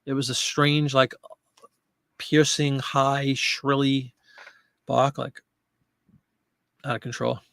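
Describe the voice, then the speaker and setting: A man's voice: mid-range voice, level tone, slow, vocal fry, pauses often, a bit bright, dry recording. A middle-aged man hosting a casual live chat show, chatting and answering viewer comments. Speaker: host of a live chat show for online sellers.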